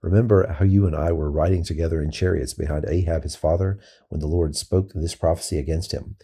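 A man's voice: low voice, fairly even intonation, fairly quick, warm tone, husky. A man voicing a curt, commanding army commander in a scripture reading. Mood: stern.

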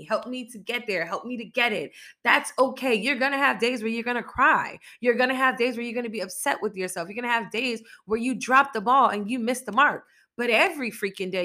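Bright, emphatic motivational podcast woman. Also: mid-range voice. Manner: emphatic, repetitive preaching cadence; casual, faith-infused encouragement. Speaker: podcast host.

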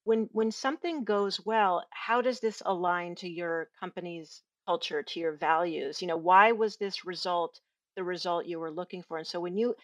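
A woman on a podcast who trains people in giving feedback, telling lively stories and acting out quoted voices, laughing often. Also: fairly low pitch, normal speed, no room sound. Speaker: guest, workplace feedback trainer. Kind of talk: casual podcast conversation.

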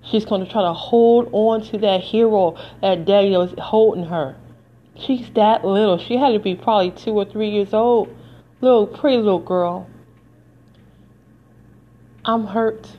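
A woman's voice: medium pitch, normal speed, muffled recording. Tearful, emphatic woman podcaster. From United States. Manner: earnest, preacherly, emphatic. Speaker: podcast host. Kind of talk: emotional personal commentary.

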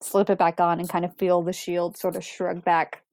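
Woman player, relaxed, dry close sound. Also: fairly low pitch, moderate pace, no room sound. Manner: casual, laid-back, filler-heavy. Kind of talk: tabletop game play.

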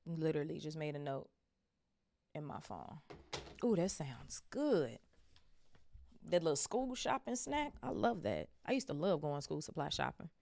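A woman with a low, gravelly voice reads a novel aloud for her book club podcast. She breaks off into chatty asides and stumbles over hard names before correcting herself. Her voice sounds dry and close to the mic. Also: sing-song, measured pace, pauses often, darkish tone, no echo.

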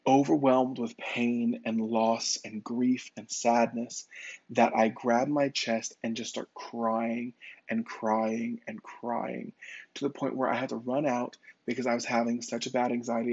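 A man's voice: medium pitch, a little mellow, breathy edge, no echo, muffled recording. A man who works as a psychic medium, telling a personal story in a conversational way, with fillers and restarts.

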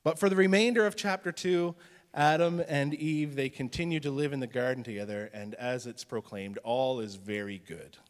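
A male pastor preaching a sermon in a conversational teaching style, dropping to a hushed voice for emphasis. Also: medium pitch, moderate pace, in a large hall.

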